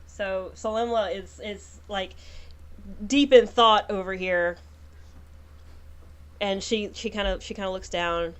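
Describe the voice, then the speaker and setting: A woman's voice: mid-range voice, steady tone, slow, long pauses, smooth. A woman narrating as game master in a casual way, with plenty of fillers.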